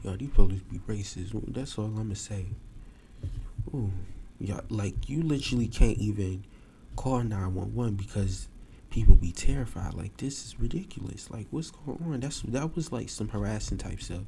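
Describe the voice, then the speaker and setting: A young man talking on a live-streamed podcast, his voice low and mellow. He tells a story in a loose, animated way and leaps up in pitch whenever he acts out a quote. Faint room hum sits behind him. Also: normal speed, vocal fry. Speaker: podcast host. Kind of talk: casual storytelling to a live audience.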